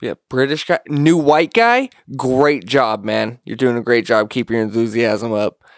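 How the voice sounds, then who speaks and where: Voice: mid-range voice, unhurried, no room sound. Laid-back podcast co-host, dry sound. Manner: laid-back, swearing, laughs often. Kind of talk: casual profane banter.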